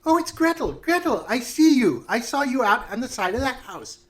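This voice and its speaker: A man voicing a sly, sweet-talking old witch in a high sing-song voice. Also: big pitch swings, normal speed. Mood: cooing.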